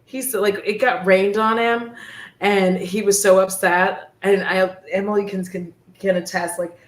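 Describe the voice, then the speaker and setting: Animated young woman telling stories, roomy room. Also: mid-range voice, a little slow. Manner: animated storytelling with acted quotes. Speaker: host. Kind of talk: casual chat. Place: indoors at home.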